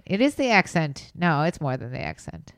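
A woman's voice: low-pitched, sing-song, moderate pace, dry recording, studio quality. Blunt middle-aged woman co-hosting a podcast. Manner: blunt, scattered. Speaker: podcast co-host. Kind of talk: casual chat.

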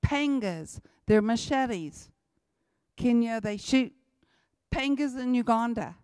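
A woman's voice: on the high side, takes it slowly, a little mellow, clean tone, dry recording, studio quality. Emphatic woman in her sixties. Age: 60s. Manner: emphatic, repeats key lines, folksy. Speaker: missionary speaker. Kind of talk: church talk on missions.

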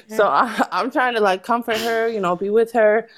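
A woman telling a story as a podcast guest in animated, casual talk, laughing often and using many fillers. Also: mid-range voice, measured pace.

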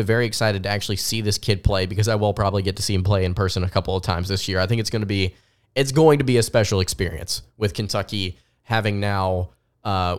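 A man's voice: on the low side, smooth. A young man with a slight Southern US accent, hosting a sports podcast with enthusiastic commentary and frequent restarts. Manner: enthusiastic, repeats words when restarting. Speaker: podcast host.

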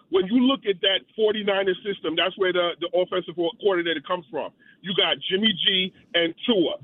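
A male caller speaks bluntly and with a lot of animation over a tinny phone line. His voice sits high for a man. The sound is dry, with no room echo. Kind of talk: call-in radio chat.

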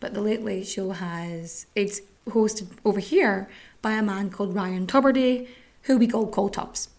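A woman's voice: mid-range voice, a little slow, a little mellow. An Irish woman hosting a podcast from home, chatting casually, swearing freely and drifting into asides. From Ireland. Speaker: podcast host. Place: home room with a cat.

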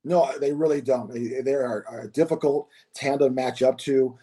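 A man's voice: mid-range voice, fairly even intonation, moderate pace, mellow, husky. A man who played college basketball, guesting on a podcast and chatting casually, often repeating words as he thinks. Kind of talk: casual interview.

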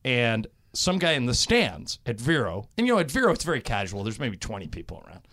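A man hosting a sports talk show, telling stories in animated casual chat. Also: mid-range voice, fairly quick, dry recording, studio quality. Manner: animated, laughing storyteller. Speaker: sports radio host.

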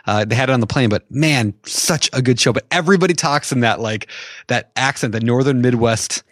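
A man's voice: mid-range voice, brisk, no room sound, clean studio sound. A man from Minnesota co-hosting a podcast, chatty and enthusiastic. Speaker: podcast co-host. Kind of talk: casual podcast chat.

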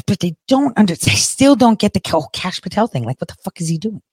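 A woman's voice: mid-range voice, expressive, fast talker, darkish tone, husky, dry recording. A woman giving casual, rambling political commentary in a blunt, indignant and profane way.

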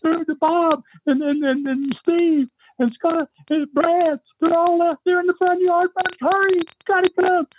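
Man doing a frantic woman on the phone, shrill, very high, tinny line. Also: flat delivery, measured pace, slight background noise. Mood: panicked. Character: panicking woman calling for help.

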